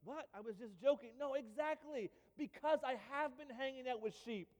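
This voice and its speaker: A man's voice: very high voice, normal speed, in a large hall, a little hiss or hum, pitched above the performer's own voice. A man voicing the eager shepherd boy David. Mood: earnest. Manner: eager, insistent storytelling. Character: eager young shepherd boy, earnest and bold.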